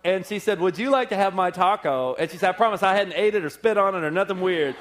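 A man preaching, telling a personal story in a sermon with lively acted-out quotes and frequent laughter. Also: high voice, quick pace. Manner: animated storyteller, acts out quotes, laughs often. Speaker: pastor. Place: church service.

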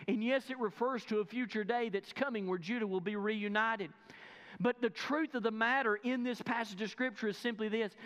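A man's voice: high voice, a bit bright. A man preaching a sermon, emphatic and speaking directly to his listeners. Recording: long reverb of a large hall.

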